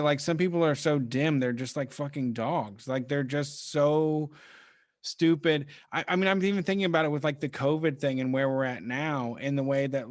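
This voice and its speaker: A man's voice: fairly high pitch, dry recording, clean studio sound. A man co-hosting a podcast in casual chat, blunt and opinionated, with swearing. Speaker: podcast co-host.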